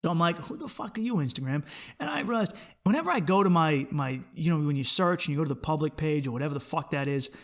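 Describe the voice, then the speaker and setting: A man hosting his own comedy podcast, delivering a rambling, profane comic monologue that swings between low mutters and high excited bursts, restarting his sentences often. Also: fast talker, gravelly, few pauses. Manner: rambling, swears often, repeats words as he restarts.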